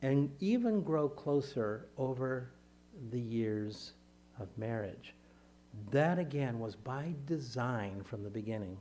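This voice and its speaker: A man delivering a sermon as a pastor, speaking in measured phrases and lifting his voice when he reads scripture aloud. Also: medium pitch, animated, dark tone.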